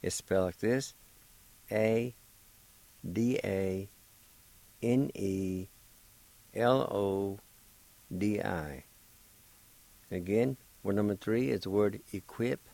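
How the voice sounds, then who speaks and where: Heard through poor audio, the lowish, warm voice of a male radio host carries some vocal fry as he teaches Cherokee. He takes his time, patiently sounding out each syllable separately and offering the listener encouragement.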